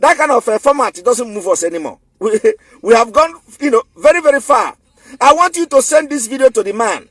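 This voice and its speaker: A man's voice: very high voice, expressive, fairly quick, a bit bright, dry recording, soft background music. A man with a Nigerian accent giving an emphatic, defiant online commentary, repeating his points for force. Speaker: political commentator.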